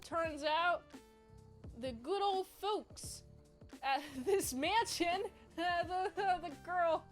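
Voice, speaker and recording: A woman's voice: very high voice, drawn-out words, faint music behind. A woman giving a casual, playful, rambling movie review.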